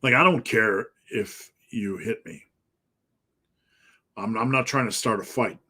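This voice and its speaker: A man's voice: fairly low pitch, measured pace, pushed and bright, husky. A man, a fitness coach answering live viewer questions, talking bluntly and profanely in an emphatic rant.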